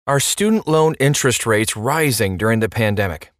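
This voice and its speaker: A man's voice: medium pitch, animated, moderate pace, no echo, clean studio sound, soft background music. Playful man hosting a podcast. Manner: playful, rhetorical questions and asides. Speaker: podcast host. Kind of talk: explainer podcast talk.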